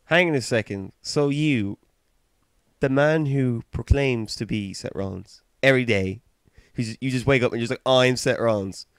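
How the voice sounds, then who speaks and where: A man's voice: mid-range voice, moderate pace, clean tone, no room sound. A British man co-hosting a podcast in casual chat, playful and teasing. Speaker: podcast co-host.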